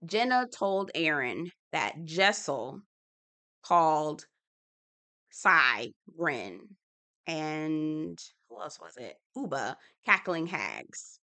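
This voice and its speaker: Chatty woman with a bright voice recapping reality TV. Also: low-pitched, big pitch swings, very slow. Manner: chatty and opinionated, slangy, acts out quotes. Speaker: TV recap host. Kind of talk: casual reality-TV recap commentary.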